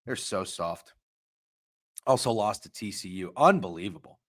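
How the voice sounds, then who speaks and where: Brief: male live-stream sports host, swears freely, flips between muttering and shouting. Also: expressive, moderate pace, pauses often. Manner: profane, heated ranting with big pitch swings.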